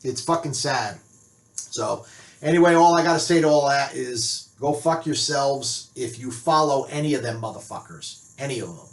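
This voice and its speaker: A man's voice: mid-range voice, expressive, normal speed. An older man from the United States, a biker author, delivering an angry, profane, heated rant as a monologue to his viewers. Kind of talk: ranting monologue. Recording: roomy echo.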